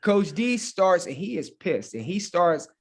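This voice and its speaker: A high school football coach from Hampton, Virginia, appears as a guest and tells a story casually, animated and laughing, packed with fillers like "man" and "you know." His voice is high-pitched and slightly rough, and he speaks at a measured pace.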